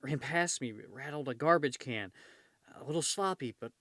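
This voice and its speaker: A tense vigilante's inner voice, low and hushed, in short clipped phrases, as a man reads it from a comic. The sound is dry and close, with no room around it. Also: expressive, moderate pace, no echo. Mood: tense, focused.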